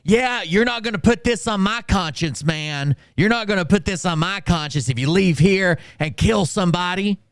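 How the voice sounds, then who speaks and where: A man voicing a loud, bossy young male mechanic who keeps shouting orders. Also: sits high, moderate pace, hardly any pauses, clean tone, no room sound, studio quality, pitched above the performer's own voice. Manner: shouting, insistent.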